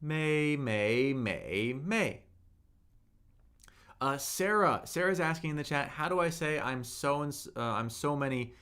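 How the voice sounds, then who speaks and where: A man's voice: a little high, steady tone, pushed and bright, smooth. A man teaching a live-streamed Mandarin lesson, patiently drawing out tone drills and answering chat questions. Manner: slow, patient, drawn-out tone demonstrations.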